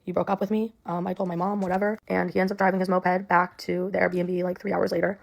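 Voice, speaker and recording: Young woman rambling thru a story super fast, lowish voice, lots of like and um. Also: little pitch movement, creaky. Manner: rambling, full of "like" and "um". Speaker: storyteller in a clip. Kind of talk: personal storytelling.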